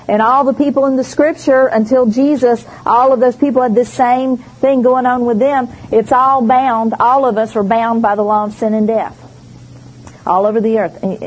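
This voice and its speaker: Fairly high-voiced woman preaching a sermon. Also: a little mellow, husky, poor audio. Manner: emphatic, storytelling with quoted voices. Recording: faint background noise.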